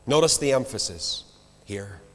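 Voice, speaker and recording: A man preaching a sermon to a large congregation, swinging from loud declarations to quiet low asides. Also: expressive, a little slow. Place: large church. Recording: long hall reverb.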